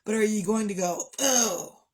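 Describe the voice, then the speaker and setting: A woman's voice: fairly low pitch, unhurried, darkish tone. A middle-aged woman chatting casually on a livestream, tired, rambling and sighing as she talks. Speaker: livestream host. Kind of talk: casual chat.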